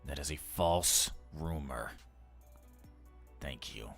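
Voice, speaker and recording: A man voicing a stern, grumpy male robot alter ego who speaks low, hushed and curt. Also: takes it slowly, soft background music, exaggerated voice.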